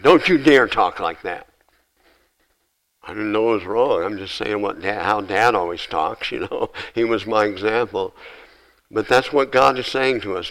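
A man preaching a sermon as pastor, repeating short commands and swinging between loud exhortation and quiet asides. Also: mid-range voice, rough recording.

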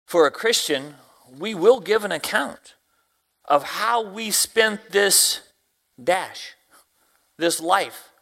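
A man preaching a sermon, a deacon and Sunday school teacher who quotes scripture slowly and swings from hushed lines to loud exclamations. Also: high-pitched, lively intonation, gravelly. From Tennessee, US. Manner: quotes scripture in slow, drawn-out phrasing.

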